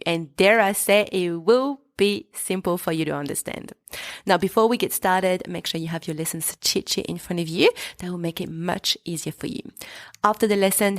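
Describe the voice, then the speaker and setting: Woman teaching French, patient and clear. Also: medium pitch, no echo, studio quality. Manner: clear, patient explaining with spoken French examples. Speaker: French teacher and podcast host. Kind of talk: scripted podcast lesson.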